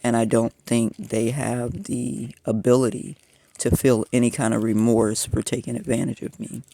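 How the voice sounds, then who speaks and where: Frustrated guy in his 50s venting to camera, gravelly mellow voice, dry sound. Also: medium pitch, flat delivery, normal speed, no echo. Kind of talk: personal vlog monologue.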